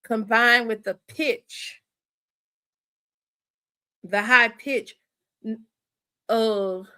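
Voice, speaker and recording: A woman hosts a loose, chatty livestream with a bright, ringing voice. She thinks out loud, backtracks, and keeps turning to her viewers as y'all and honey. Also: a little high, steady tone, extremely slow, clear, resonant tone. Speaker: livestream host. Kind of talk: casual livestream chat with viewers.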